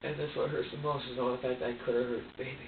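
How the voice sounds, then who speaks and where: A distressed man answers investigators' questions in a halting, repetitive way, often restarting his sentences. He is caught on a distant room microphone with a tinny, narrow sound. The room is echoey and there is a faint hiss behind him. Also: medium pitch, little pitch movement, creaky. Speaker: suspect under questioning. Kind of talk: emotional account to investigators. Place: interrogation room. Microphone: far room microphone.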